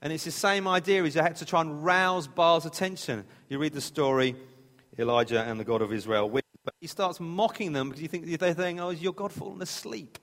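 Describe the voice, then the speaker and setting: A man preaching in a relaxed, conversational manner, now and then stumbling and restarting a phrase. His voice sits a little higher than most men's, and the long reverb of a big hall trails after each line. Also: brisk. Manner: conversational, plain-spoken, with restarts. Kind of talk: sermon.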